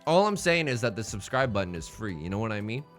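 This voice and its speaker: A man's voice: lowish voice, big pitch swings, fast, a bit bright, soft background music. A man hosting a let's play, rambling playfully through casual game commentary with jokey asides.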